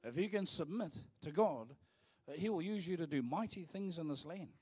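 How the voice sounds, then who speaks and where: A man from New preaches a live sermon in church. His voice sits a little higher than most men's. He leans hard on the key words, then eases into playful asides aimed at the congregation. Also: lively intonation, moderate pace, a little mellow, breathy edge. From New Zealand. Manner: emphatic preaching, turns to joking asides with the congregation. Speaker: pastor.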